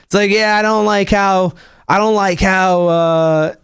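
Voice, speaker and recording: A young man hosting his own podcast as a stand-up comic, rambling and swearing, with lots of restarts and "like", acting out other people's lines in a higher voice. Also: fairly even intonation, a little slow, gravelly, clear, resonant tone, dry recording, studio quality. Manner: acts out people's quotes in a higher voice. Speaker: podcast host. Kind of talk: casual solo podcast rant. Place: home room, livestreaming.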